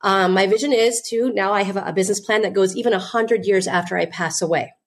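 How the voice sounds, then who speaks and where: A woman's voice: medium pitch, fast talker. A woman guest and business owner telling her story earnestly, with frequent "you know" fillers. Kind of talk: candid interview storytelling.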